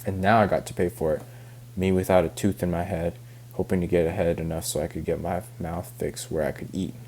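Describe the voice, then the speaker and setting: A man reading aloud as a self-pitying older backwoods farmer, halting over the rural dialect. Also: sits low, flat delivery, a little mellow, slight background noise.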